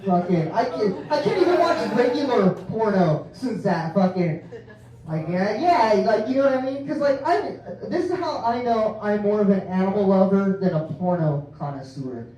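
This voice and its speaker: A man's voice: sits high, sing-song, moderate pace, warm tone. A man doing a stand-up set, rambling and profane, often laughing at his own jokes. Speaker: stand-up comedian. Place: comedy club stage. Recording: echoey club from far off.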